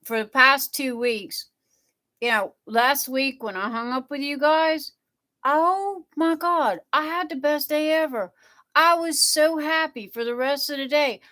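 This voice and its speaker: A middle-aged woman chats with her livestream viewers at an unhurried pace. Her voice sits a little high, and she rambles from thought to thought, answering comments and peppering everything with "you know". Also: sharp tone. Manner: rambling, chatty, reads viewer comments aloud; repeats "you know" a lot. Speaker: livestream host. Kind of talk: casual chat with live viewers.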